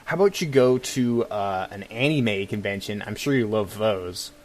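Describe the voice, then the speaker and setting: A man's voice: on the low side, moderate pace, very noisy. A man co-hosting a casual comedic talk show, reading listener questions and mocking them with frequent laughter. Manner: wry, mocking, laughs often. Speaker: podcast co-host. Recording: faint music bed underneath.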